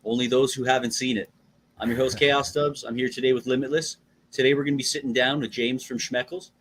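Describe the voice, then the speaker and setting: An upbeat man hosts a casual interview at an average pitch. He moves from a scripted opening into relaxed conversation. A faint hiss sits behind his voice. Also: fairly quick. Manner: upbeat, scripted intro then loose chat. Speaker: podcast host.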